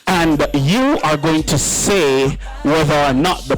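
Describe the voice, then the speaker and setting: A man's voice: on the high side, slow, faint music behind, poor audio. A man emceeing a wedding reception, joking and playing with the crowd.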